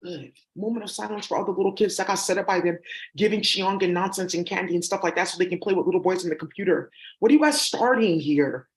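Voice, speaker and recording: Here a woman vlogger speaks fast in a fairly low voice, facing her viewers directly. The monologue is meandering and accusatory, thick with fillers such as um and uh.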